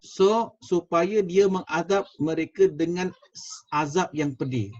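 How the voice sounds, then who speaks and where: A man's voice: fairly high pitch, a little slow, noisy background. A man with a Malaysian accent teaching a Quranic Arabic class over a video call, switching between Malay and English, repeating words and quizzing his students. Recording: dull lo-fi video call audio.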